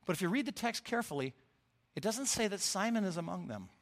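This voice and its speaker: A middle-aged man giving a sermon as a lay preacher, telling the story in an expressive, animated way. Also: sits high, quick pace.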